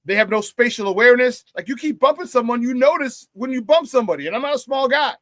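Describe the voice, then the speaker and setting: A man hosts a sports talk show, telling a story in a loose, animated rant. His voice sits fairly high for a man, and he uses quick voice changes when he quotes people. The sound is dry and close, with no room echo. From Chicago area. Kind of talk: casual rant on a live show.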